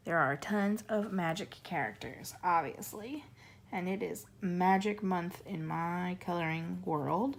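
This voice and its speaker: A young woman chatting casually while she colors, rambling and easily sidetracked, with a voice that is going hoarse. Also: on the low side, slow, fairly bright tone. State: losing her voice. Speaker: coloring channel host. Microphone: camera on a monopod.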